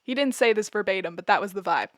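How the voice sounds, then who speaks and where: A young woman of about twenty chats through a story for her vlog, laughing often and delivering her jokes deadpan. She rambles, stops to correct herself and fills the gaps with ums and likes. Her voice sits at a middling pitch and sounds dry and close, with no room around it. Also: fast talker, no room sound. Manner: rambling with many fillers and self-corrections. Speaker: vlogger. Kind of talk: casual storytime.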